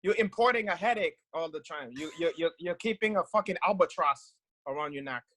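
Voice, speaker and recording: A man's voice: on the high side, lively intonation, a little fast, fairly bright tone, a little hiss or hum. Boastful man. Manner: boastful, joking, broken English. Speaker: podcast guest. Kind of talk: comedic banter.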